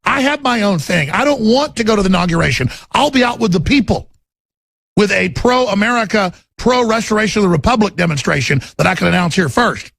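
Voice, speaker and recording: A man's voice: high voice, expressive, brisk, vocal fry, a bit bright, dry recording, clean studio sound. A man from Texas hosting a talk show, ranting in a fiery, rambling and repetitive monologue.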